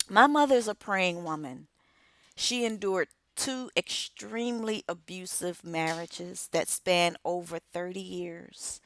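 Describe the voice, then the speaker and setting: A middle-aged woman delivers an inspirational speech, her voice sitting a little low. She takes her time, leaning on each phrase with emphatic, measured pauses. The sound is close and dry, with no room around it. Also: a bit bright, no room sound. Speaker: author and radio co-host.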